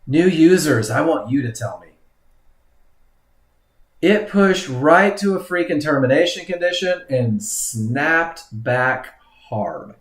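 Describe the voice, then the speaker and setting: Male trading instructor, excitable live commentary, higher voice, roomy echo. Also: slow. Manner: excitable, exclaiming at the charts.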